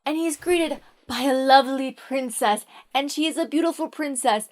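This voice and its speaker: High-voiced woman retelling a fairy tale, playful and wry, chatty. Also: animated, moderate pace, hardly any pauses. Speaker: storyteller.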